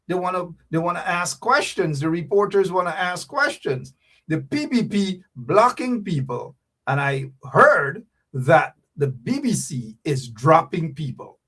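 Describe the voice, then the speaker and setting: A man hosting a livestream talk show, his voice slightly husky and pitched a little high. He swings up and down as he talks, teasing and calling out to viewers. His delivery is animated and direct.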